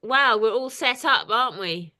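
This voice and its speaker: A woman's voice: on the high side, lively intonation, moderate pace, pushed and bright. A woman artist leading an informal poetry workshop over a video call, chatty and hesitant, with lots of ums. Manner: chatty, hesitant with many fillers.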